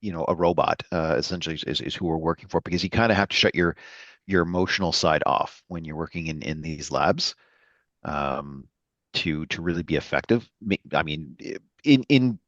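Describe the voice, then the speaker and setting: A man playing a tabletop game, talking haltingly and searching for words. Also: rumbling low, a bit bright, no room sound. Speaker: player. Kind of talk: session-zero planning chat. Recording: muffled lo-fi mic.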